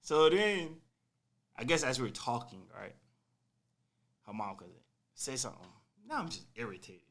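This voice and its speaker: A young man casually telling a personal story on a podcast, animated and full of slang, acting out what people said. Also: mid-range voice, moderate pace. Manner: animated, slangy, acts out quotes.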